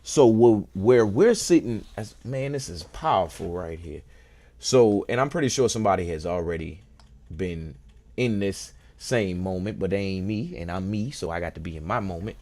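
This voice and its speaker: A man hosting a casual show, thinking aloud in a relaxed, playful way and enjoying wordplay. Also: deep voice, normal speed. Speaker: host. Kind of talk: casual musing talk.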